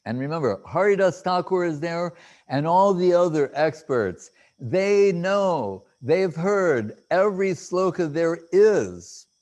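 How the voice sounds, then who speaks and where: A man's voice: mid-range voice, a little mellow. A man speaks as a spiritual teacher in a devotional talk. He halts often, fills gaps with hesitations and restarts, and stumbles through recited Sanskrit verses. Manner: halting, with many fillers and restarts.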